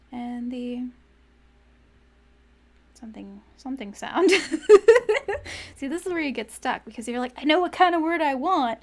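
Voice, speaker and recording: Young woman streamer, high-pitched and unhurried, who talks to herself as she works out lyrics and keeps repeating lines. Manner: muses aloud, repeating phrases to find words; often laughs and trails off mid-thought. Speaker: streamer writing song lyrics. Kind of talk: casual live-stream chat.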